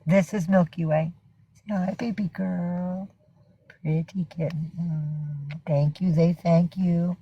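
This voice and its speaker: A woman's voice: on the low side, fairly even intonation, slow, husky, highs cut off. A woman hosting a casual livestream from home, rambling and swearing as she greets viewers and coaxes her cats. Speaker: livestream host.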